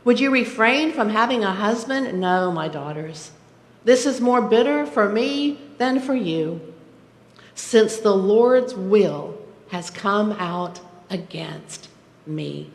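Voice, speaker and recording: A woman preacher reading as a bitter older widow, pleading her daughters-in-law to turn back. The words come slow and heavy, lifting and sinking as she speaks. A long reverb from the sanctuary trails behind each phrase. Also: mid-range voice, lively intonation. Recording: echoey church sanctuary.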